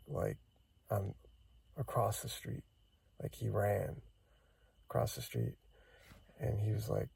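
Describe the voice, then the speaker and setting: A man's voice: lowish voice, gravelly, dark tone, breathy edge. A man vlogging from inside his van, rambling and hesitant as he regretfully retells a night's events in casual talk. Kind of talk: casual spoken recollection.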